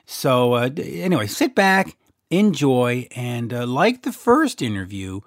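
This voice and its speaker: This is a Canadian podcast host on his own, rambling in a casual, joking way, full of fillers and false starts. He speaks at a medium pitch, slightly slowly, with a great deal of animation. The audio is studio-grade with no echo.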